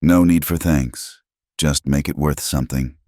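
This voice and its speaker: A man's voice: a bass voice, steady tone, a little slow, dark tone, no room sound, clean studio sound. A man voicing a stoic, reserved Apache scout who speaks in short, level sentences. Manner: terse, level, clipped sentences.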